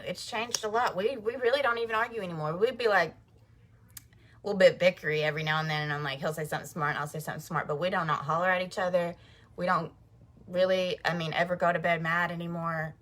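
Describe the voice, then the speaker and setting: Thirties woman, lowish voice, chatty storyteller vlogger. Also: a bit bright. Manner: chatty, frequent "like", acts out quoted voices. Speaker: vlogger telling a personal story. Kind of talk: casual storytelling to camera.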